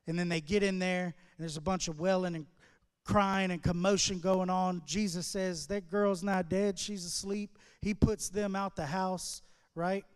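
A male guest speaker at a recovery ministry, preaching a sermon as animated storytelling in casual street slang. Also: high voice, normal speed, clear, resonant tone, in a large hall.

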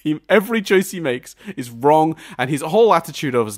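Podcast co-host, male, animated swearing ranter, somewhat high and very lively pitch. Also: brisk. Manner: laughs often mid-sentence. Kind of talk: casual film review chat.

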